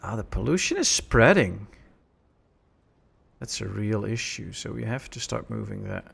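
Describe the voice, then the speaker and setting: A man casually commenting while he plays a city-building game on a live stream, relaxed and chatty, answering chat as he goes. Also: fairly low pitch, unhurried, vocal fry, slightly rough.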